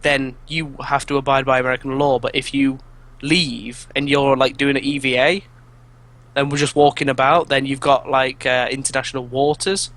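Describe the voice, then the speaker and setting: A man's voice: mid-range voice, little pitch movement, moderate pace, a bit bright. A young man co-hosting a casual podcast among friends, rambling with frequent restarts and laughing mid-sentence. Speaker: podcast co-host.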